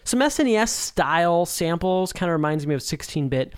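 A man's voice: a little high, expressive, fairly quick, smooth. A man hosting a casual podcast, chatting enthusiastically as he introduces tracks. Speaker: podcast host.

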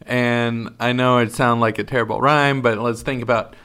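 A man's voice: medium pitch, fairly even intonation, normal speed, a bit bright, clean tone. A man hosting a casual chat, playful and punning, laughing easily.

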